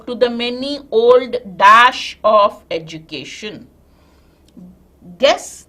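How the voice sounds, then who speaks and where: A woman's voice: fairly high pitch, a bit bright. Indian woman teaching vocabulary. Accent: Indian English. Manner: explains step by step, checks in with students. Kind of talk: live online class.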